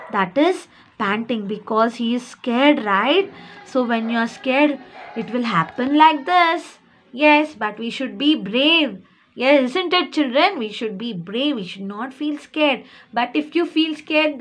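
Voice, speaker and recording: A woman's voice: high voice, a bit bright. A woman teacher reading a story lesson to young children, explaining words and checking in with "okay?".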